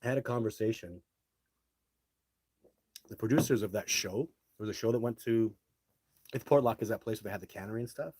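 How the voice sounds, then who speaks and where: Male live-stream host, low husky voice, blunt and brash, casual delivery. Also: brisk, long pauses, a little mellow, no echo. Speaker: live show host reading viewer comments. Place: home setup, speaking to a phone.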